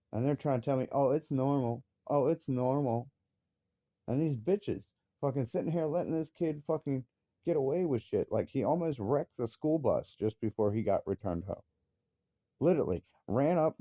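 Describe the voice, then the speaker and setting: In studio-quality audio without room sound, a man with a mellow, mid-range voice vents furiously about his family. He is a father, and his profane rant keeps rising sharply into outbursts.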